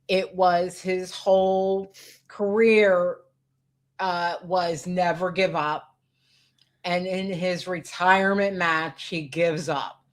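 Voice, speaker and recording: A woman's voice: on the low side, steady tone, takes it slowly. A woman co-hosting a podcast who agrees with her partner and repeats her points for emphasis. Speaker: podcast co-host. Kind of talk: casual wrestling chat.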